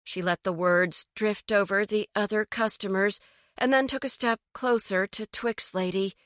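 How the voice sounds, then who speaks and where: A woman narrating a cozy mystery audiobook in a measured, storytelling manner. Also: medium pitch, fairly even intonation, a bit bright, no echo, clean studio sound.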